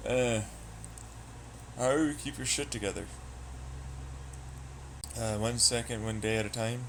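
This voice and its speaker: A man's voice: mid-range voice, a little slow, slight background noise. A man streaming live, chatting loosely with viewers, swearing and trailing off into asides. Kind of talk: casual rambling chat.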